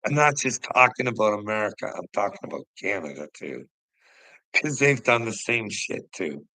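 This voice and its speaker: A man's voice: on the low side, expressive, normal speed, creaky, pushed and bright, no room sound, rough recording. A middle-aged man ranting heatedly to his livestream chat, swearing a lot and laughing often. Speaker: livestream host talking to chat. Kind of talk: casual livestream rant.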